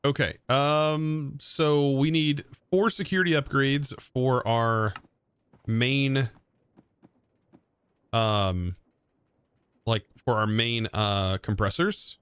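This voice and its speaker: A man's voice: medium pitch, steady tone, extremely slow, long pauses, a bit bright, smooth. A young man streaming a game live, thinking aloud in a hesitant way and often correcting himself mid-sentence. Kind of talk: live gameplay commentary.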